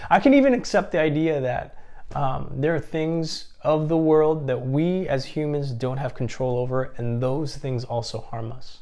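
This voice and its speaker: A man's voice: medium pitch, moderate pace, darkish tone. A man giving an earnest, reflective sermon-style talk at a seminar, often restarting his phrases. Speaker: seminar speaker.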